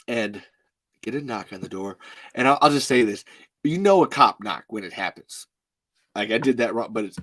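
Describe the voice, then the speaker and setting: A man in the middle of his usual pitch range tells a story in a rambling, halting way. He sighs often and keeps stopping to restart his sentences, like someone trying hard not to cry. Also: fairly bright tone. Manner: halting, sighing, fighting back tears; many restarts and fillers, rambling. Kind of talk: casual storytelling.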